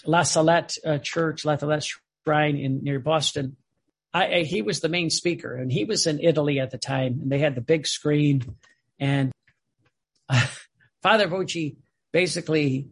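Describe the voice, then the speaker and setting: A man reading aloud and commenting on a spiritual text, telling stories in a digressive, animated way. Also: on the high side, normal speed, husky. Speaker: religious teacher.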